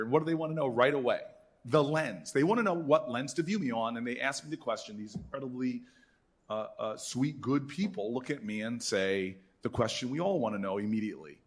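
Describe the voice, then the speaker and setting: A man in his fifties with a husky, somewhat breathy voice, telling lively stories to an audience. His pitch sits in the middle range. He jumps into the voices of the people he quotes. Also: a little fast. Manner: animated storyteller who acts out quoted voices. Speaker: senator speaking at an alumni event. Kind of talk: storytelling speech.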